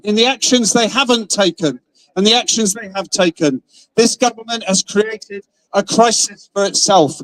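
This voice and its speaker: A man addresses a crowd at an outdoor protest with a fairly high voice. He speaks in rousing, repeated phrases and pushes each point home. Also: fairly bright tone, poor audio. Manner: rousing, repetitive rhetoric. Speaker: speaker at a rally. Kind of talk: impassioned rally speech.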